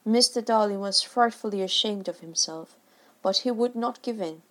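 Expressive woman reading a storybook. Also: medium pitch, moderate pace. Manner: expressive, varied delivery. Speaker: reader. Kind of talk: storybook narration.

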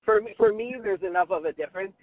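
Jokey podcast host on a tinny line. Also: male voice, high voice, quick pace, no echo. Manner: jokey, tries on silly voices, many restarts. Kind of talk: casual chat. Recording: dry tinny phone-like line.

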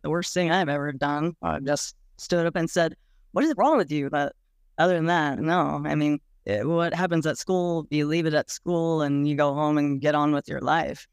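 In a clean, echo-free studio recording, a woman with a low, smooth voice talks frankly and casually about her own experiences in an interview. Her candid recollections are full of "like"s and the odd blunt swear word.

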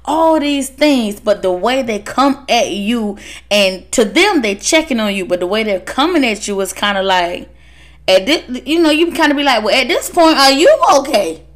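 A woman giving a casual motivational talk to fellow workers, animated and laughing as she acts out her family's voices. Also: on the high side, normal speed. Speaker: speaker addressing workers.

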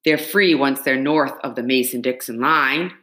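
A woman voicing a quiet, firm father speaking in a low, steady way. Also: normal speed. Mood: stern.

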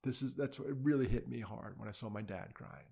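A man's voice: medium pitch, brisk, vocal fry, a little mellow. A middle-aged man, a podcast guest, telling a personal story in a candid, conversational way, with quoted asides.

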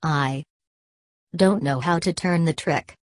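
A woman voicing an ominous gambler who drawls his threats slowly in a storybook reading. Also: deep voice, no room sound, studio quality. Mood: menacing. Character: ominous gambler man, slow irritating drawl.

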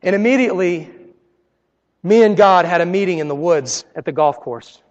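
A man preaching a sermon, telling personal stories in an earnest way and dropping to a hush at key moments. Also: high voice, normal speed, long reverb tail, lo-fi sound. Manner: earnest, personal storytelling with dramatic quiet drops. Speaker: pastor.

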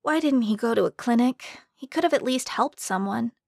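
A woman voicing an upset teenage daughter who speaks softly, close to tears. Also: fairly high pitch, lively intonation, normal speed, vocal fry, dry recording. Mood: puzzled. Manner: soft, tearful.

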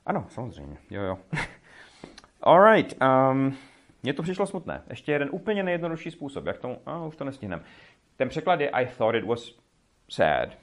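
A man who grew up speaking Czech teaches a language class, explaining phrases through lively example dialogues. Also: medium pitch, normal speed.

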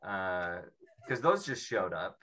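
A man from Seattle doing a rambling, self-mocking stand-up set, slipping into quick mimicry of people. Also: low voice, animated, bright, forceful tone, a little hiss or hum. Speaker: stand-up comedian.

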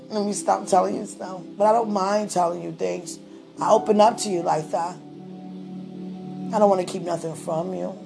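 A woman's voice: medium pitch, gravelly. A woman talking tenderly and laughingly to God in a spoken prayer, at times speaking in tongues. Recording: music playing behind the voice.

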